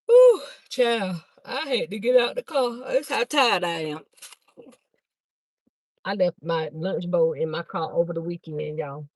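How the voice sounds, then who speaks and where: On a handheld phone livestream, a host and vendor talks rapidly and chattily to her viewers, calling them "y'all" and sounding a bit winded as she walks from her car through the garage into a house. Her voice is lowish, with no room sound.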